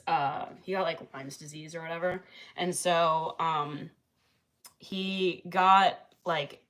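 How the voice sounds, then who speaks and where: A woman's voice: lowish voice, fairly bright tone. A young woman livestreaming, chatting casually with many fillers and frequent laughs. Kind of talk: casual live-stream chat.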